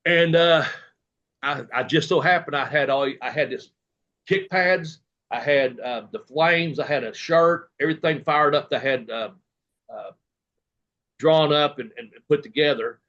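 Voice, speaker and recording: A man's voice: fairly high pitch, unhurried, a bit bright, lo-fi sound. A man, a guest telling long, rambling stories full of quoted dialogue and fillers in a casual interview. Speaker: guest, retired professional wrestler.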